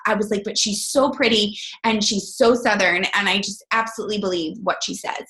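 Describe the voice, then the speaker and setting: A woman's voice: mid-range voice, a little fast, hardly any pauses, a bit bright. A woman in her thirties telling a personal story as a guest speaker, acting out her own dialogue. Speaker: guest speaker on a team call. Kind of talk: storytelling talk on a conference call.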